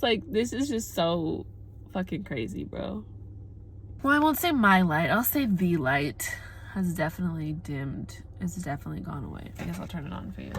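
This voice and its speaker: A woman's voice: fairly low pitch, gravelly, a little hiss or hum. Candid young woman vlogging. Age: 20s. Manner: candid, emphatic, swearing, many "like" fillers. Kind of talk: casual girl-talk monologue to camera.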